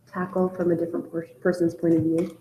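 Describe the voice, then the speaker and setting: A woman's voice: fairly low pitch, monotone, fast talker, mellow, reverberant, slight background noise, low-quality recording. A woman teacher leading a casual storytelling class discussion, talking in a conversational, hesitant way with many fillers.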